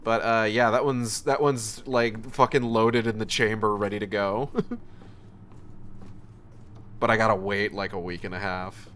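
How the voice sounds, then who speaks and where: A man commentating his own live playthrough with a crisp, bright tone. He is chatty with his viewers and swears often, quick to get worked up. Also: lowish voice, a little hiss or hum. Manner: profane, excitable, swears often. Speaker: streamer.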